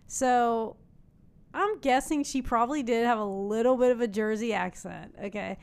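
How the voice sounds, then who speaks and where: A woman's voice: fairly high pitch, normal speed, vocal fry, clean tone. A middle-aged woman co-hosting a podcast, explaining things in a chatty, amused way. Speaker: podcast co-host. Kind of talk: casual conversational chat.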